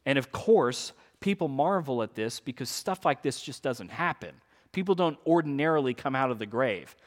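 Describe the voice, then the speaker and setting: A man preaching a sermon, reading scripture aloud and explaining it in an earnest, lively way with casual asides. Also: medium pitch, moderate pace. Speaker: pastor. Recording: long hall reverb.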